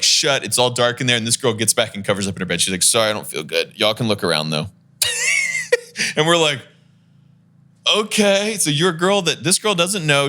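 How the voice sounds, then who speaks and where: A man telling a long, lively story in a casual podcast chat, laughing as he goes and acting out the people in it. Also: medium pitch. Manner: animated storyteller, laughs while talking, acts out the people in his story.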